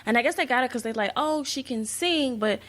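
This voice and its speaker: A woman's voice: a little high, fairly quick, fairly bright tone. A woman co-hosting a podcast, chatting casually about a film remake, with lots of fillers and restarts. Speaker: podcast co-host. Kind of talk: casual movie review chat.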